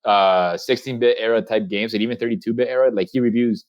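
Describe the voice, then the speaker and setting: A man's voice: medium pitch, fairly even intonation, quick pace. A young man rambling through a casual podcast chat with friends, full of fillers and restarts. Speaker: podcast co-host. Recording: muffled lo-fi mic.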